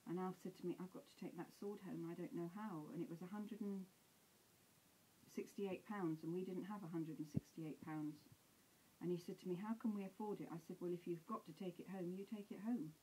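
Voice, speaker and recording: An older woman telling stories at home in a gentle way, with soft pauses and fillers. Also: lowish voice, slight background noise, low-quality recording. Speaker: interviewee. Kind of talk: home video conversation. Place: at home, indoors.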